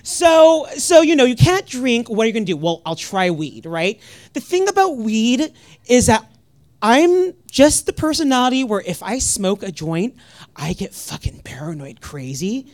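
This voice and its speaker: A woman's voice: fairly high pitch, unhurried. A young woman from Northern California performing a profane stand-up comedy set and acting out voices. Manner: animated, profane, acts out voices.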